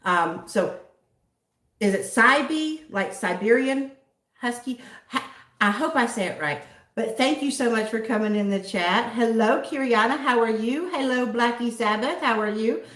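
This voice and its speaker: A woman's voice: a little high, normal speed, roomy sound. A Southern American woman hosting a livestream, chatting casually and giggling as she greets viewers by name. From southern United States. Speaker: livestream host.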